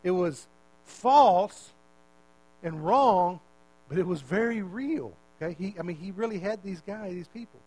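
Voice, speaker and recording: Male preacher, high-pitched, casual sermon delivery with questions to the congregation. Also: expressive, measured pace, warm tone, rough recording. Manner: conversational, repeats words, asks the listeners questions.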